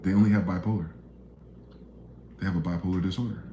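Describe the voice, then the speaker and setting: A man with a low, dark voice delivers a profane, emphatic monologue. He jumps from loud, pointed outbursts to quiet, muttered asides. His voice rings in a bare, echoey room. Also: fairly even intonation, quick pace, slight background noise. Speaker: video commentator.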